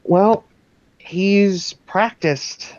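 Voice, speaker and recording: A man voicing a calm, seasoned female werewolf mentor who speaks patiently and reassuringly. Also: sits high, drawn-out words, dry recording. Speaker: game master. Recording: dull dry lo-fi recording.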